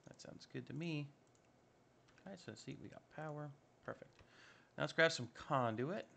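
A man's voice: on the high side, normal speed, vocal fry, pushed and bright. A man giving casual, upbeat commentary while playing a modded block-building game, chatting to himself as he builds. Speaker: Minecraft modpack let's-play host.

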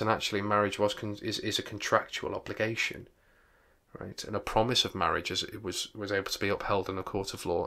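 A man's voice: lowish voice, bright, forceful tone. A man teaching a literature revision lesson, explaining a novel with enthusiasm.

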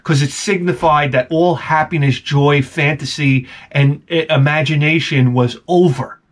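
A man with a young son, telling a rambling, animated story as a toy collecting vlogger. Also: fairly high pitch, a little slow. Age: adult with a young son. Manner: rambling, animated, acts out quoted voices. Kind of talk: casual storytelling monologue.

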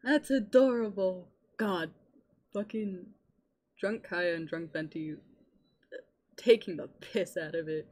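A young adult woman streaming a game in casual chatter, excitable, rambling and swearing often. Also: lowish voice, slow pace, pauses often.

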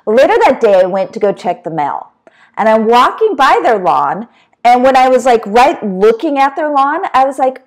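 A woman in her thirties, hosting a casual vlog and telling everyday stories in a chatty, animated way with lots of fillers. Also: on the high side, moderate pace. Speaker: vlog host. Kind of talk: casual chat to camera.

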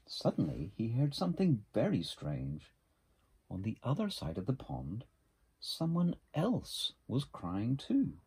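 Middle-aged guy reading a kids' picture book, super breathy husky voice, goes way up and down. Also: lowish voice. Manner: gentle, expressive. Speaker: storybook reader.

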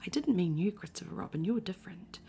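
A woman's voice: on the low side, animated, quick pace. Eeyore, a gloomy donkey, whispered by a woman. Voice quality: soft whispery delivery. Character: gloomy melancholy old male donkey. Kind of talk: whispered role-play.

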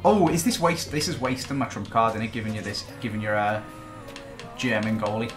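A man's voice: lowish voice, a little fast, over music. A man giving casual, teasing gaming commentary as a guest. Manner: teasing, joking banter. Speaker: guest YouTuber.

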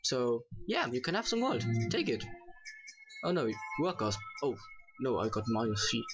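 Jokey male gamer narrating his playthrough, voices the characters, animated pitch, muffled recording. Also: normal speed. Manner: reads game characters aloud in shifting voices; jokey, offhand. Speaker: gaming YouTuber. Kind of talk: casual let's play commentary. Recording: dull lo-fi mic with faint game music.

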